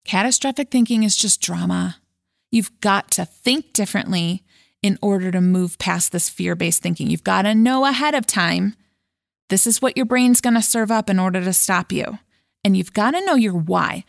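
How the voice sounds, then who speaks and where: On her motivational podcast, a life-coach host talks casually and frankly at a moderate pace in a gravelly voice, chuckling now and then. She dramatizes worried thoughts with big swings in pitch and pace, keeping things lively. The studio-quality audio has no echo.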